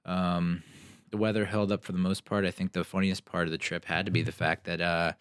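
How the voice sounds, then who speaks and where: A young man with a very deep voice tells stories on his podcast, casual and sarcastic. He keeps it animated and slips into mocking versions of the people he met. The sound is dry and close. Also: brisk, clean tone, dry recording. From New Jersey. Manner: animated, sarcastic, acts out other people's lines. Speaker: podcast host. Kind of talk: casual solo storytelling.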